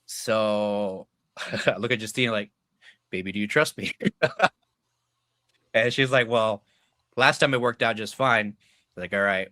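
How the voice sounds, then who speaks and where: A young adult man, guesting on a podcast, tells personal stories in a loose, profane way, using lots of filler words and acting out what people said. His voice is on the low side, pushed and bright, with no echo.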